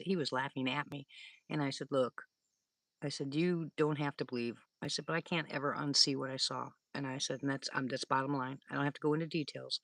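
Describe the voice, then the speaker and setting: Deep-voiced and recorded dry, this older woman runs a live stream where she tells rambling stories, chats casually with viewers, and often breaks into laughter.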